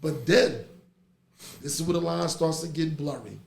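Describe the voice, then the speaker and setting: A middle-aged man chats on a podcast. His voice has gravelly fry and sits a touch high. He swings from easy storytelling into loud laughter, in an echoey room with faint background noise. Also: moderate pace, crowd noise. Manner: animated storytelling, laughs through stories. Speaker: podcast host. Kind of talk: casual chat.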